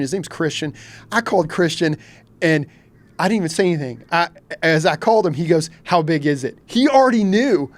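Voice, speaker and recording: A middle-aged man from Kentucky, a fishing captain, telling a story as a podcast guest and acting out his own reactions. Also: fairly high pitch. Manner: animated, acts out his own reactions in quotes.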